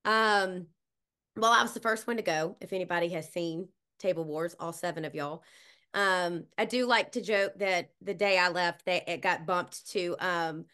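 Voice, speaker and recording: A woman's voice: lowish voice, normal speed, bright, forceful tone, clean tone. A woman in her forties, a guest florist, telling stories in a casual interview in a blunt, chatty, self-mocking way. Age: 40s.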